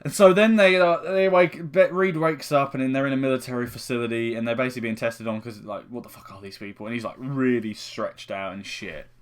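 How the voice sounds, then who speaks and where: A man's voice: mid-range voice, fairly even intonation, a little fast, few pauses, clean tone. A young man giving a casual spoken film review, rambling and swearing heavily with frequent restarts.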